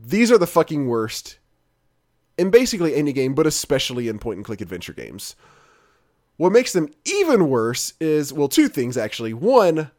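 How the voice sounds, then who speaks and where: A man's voice: on the high side, huge pitch swings, moderate pace, darkish tone. A man hosting a casual chat, rambling and swearing freely with many restarts. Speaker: podcast host.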